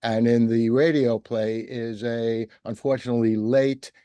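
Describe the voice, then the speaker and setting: A man's voice: mid-range voice, fairly even intonation, a little slow, mellow, clean tone, dry recording. A man hosting an interview, talking in a rambling, digressive way. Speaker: host interviewer. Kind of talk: conversational interview.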